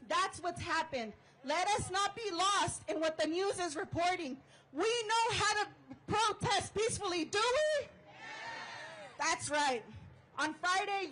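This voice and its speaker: A woman giving a fired-up speech at an outdoor protest rally, shouting chants and leading call-and-response. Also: very high voice, rough recording. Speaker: rally speaker and organizer.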